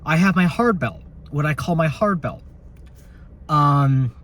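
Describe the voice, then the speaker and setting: A man's voice: a little high, lively intonation, unhurried, fairly bright tone, slight background noise. Rambling man vlogging from a patrol car. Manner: rambling, joking, slightly profane. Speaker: security officer vlogger. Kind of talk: casual vlog while on patrol. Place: inside a patrol car at night. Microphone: phone camera in a car.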